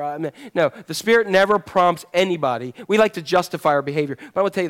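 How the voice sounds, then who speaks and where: Pastor, man, middle-aged, high voice, casual joking sermon, church. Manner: conversational, joking with the congregation; moves about handing out fruit while talking. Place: church sanctuary.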